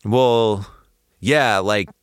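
Man putting on a snide heartless tin man, whiny and swearing, lowish voice, dry close sound. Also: very slow, smooth, no room sound. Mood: irritated. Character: rude heartless male Tin Man, sarcastic and impatient.

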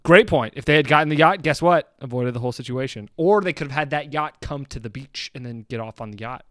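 A podcast co-host talks fast in a mid-range voice, casually trashing a film he didn't like with plenty of sarcasm and frequent laughter. He's animated throughout this movie review chat. The recording is dry with clean studio sound.

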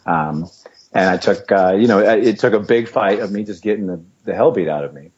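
A man's voice: lowish voice, brisk, husky, dull audio. A middle-aged man, a retired fighter, telling stories in a casual interview, laughing and poking fun at himself. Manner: laughing, self-mocking, animated storyteller.

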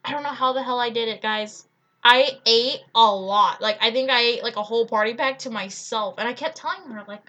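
A woman's voice: fairly high pitch, fairly quick. A young woman co-hosting a podcast, telling a funny story in a casual, giggly way, full of "like". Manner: giggly, animated, lots of "like". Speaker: podcast co-host.

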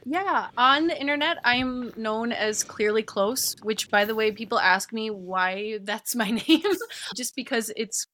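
A woman from the United States, a podcast guest chatting casually in a relaxed, chuckling way. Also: fairly high pitch, measured pace. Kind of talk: casual chat.

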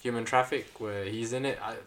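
A man's voice: mid-range voice, steady tone, fairly quick, a bit bright, a little hiss or hum. A man from the Philippines with an English accent from London, chatting casually on a podcast and going off on tangents. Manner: chatty, tangents, frequent "like" fillers. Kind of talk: casual chat.

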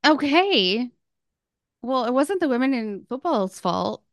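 A woman's voice: sits high, sing-song, slow pace, no room sound. A woman co-hosting a casual podcast, giving short, dry, teasing replies. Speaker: podcast co-host. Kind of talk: casual chat.

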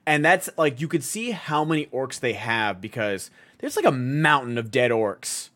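A man co-hosting a podcast in casual chat, rambling and excited with lots of filler words. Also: medium pitch, normal speed. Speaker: podcast co-host.

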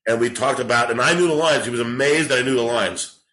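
On a casual podcast, a fortysomething male comedian talks fast at medium pitch, spinning rambling, foul-mouthed, lively stories. The recording quality is rough.

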